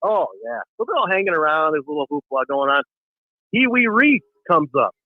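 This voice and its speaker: A man calling in to a talk show, telling a long story with animated acted-out voices. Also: a little high, brisk, no room sound. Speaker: caller. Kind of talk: phone-in storytelling. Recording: tinny phone line.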